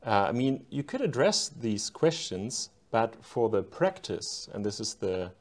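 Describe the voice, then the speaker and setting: A man discussing his own book in an academic conversation, careful and halting as he searches for words. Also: on the low side, big pitch swings.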